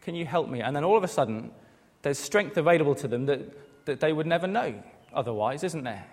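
A man's voice: a little high, expressive, a little fast. A man in his thirties preaching a sermon, earnest, asking rhetorical questions and acting out quoted voices. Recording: long hall reverb.

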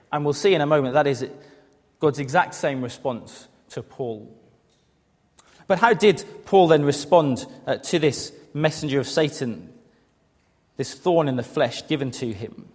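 Earnest preacher in a reverberant hall. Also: male voice, a little high. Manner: earnest, rhetorical questions, acts out quoted voices. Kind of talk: sermon.

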